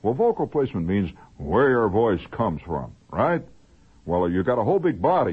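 Husky guy rambling thru a funny radio story, lots of asides, narrow tinny old recording. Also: on the low side, big pitch swings. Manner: digressive, humorous, drawn-out asides. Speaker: monologist.

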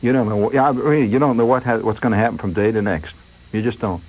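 A man's voice: lowish voice, quick pace, a little mellow, husky, dull audio. A man hosting a late-night radio show, telling a rambling story in a mock-anxious way and asking listeners to call in.

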